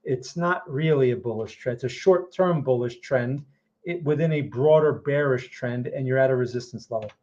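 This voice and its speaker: A man's voice: medium pitch, normal speed, darkish tone, highs cut off. A man giving casual market commentary to viewers, checking in often with "right?" and "okay?" as he walks through charts. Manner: conversational, frequent "right?" and "okay?" check-ins. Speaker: trading educator answering viewer questions.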